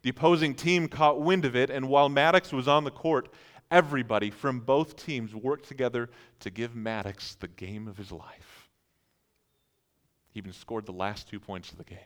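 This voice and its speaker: A man's voice: mid-range voice, moderate pace. A man preaching a sermon, telling vivid stories and acting out incredulous reactions. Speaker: pastor.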